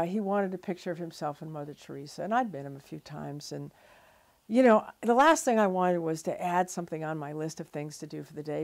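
A middle-aged woman, a photographer telling her story in an interview, animated and full of fillers and restarts. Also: low-pitched, gravelly. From Louisiana.

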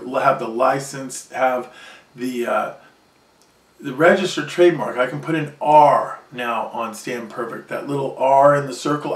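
A man's voice: mid-range voice, fairly bright tone. A man delivering a proud, boastful self-promotional vlog monologue about his invention. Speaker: inventor and vlogger. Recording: echoey room, distant from mic.

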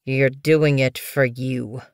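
A woman's voice: a bass voice, expressive, takes it slowly, a little mellow, no room sound, studio quality, exaggerated voice. A woman voicing a surly male cat warrior who talks with a contemptuous growl. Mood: scornful.

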